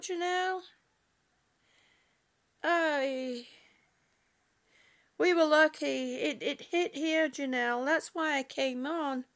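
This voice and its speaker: A woman with a high, slightly bright voice chats casually on a livestream from indoors at home. She reads viewer comments out loud and laughs a lot.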